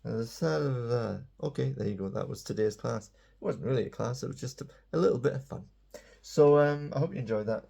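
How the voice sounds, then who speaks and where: A man's voice: medium pitch, normal speed, creaky, dark tone, husky. A man giving a casual, playful English lesson, chatty and self-mocking. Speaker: English teacher.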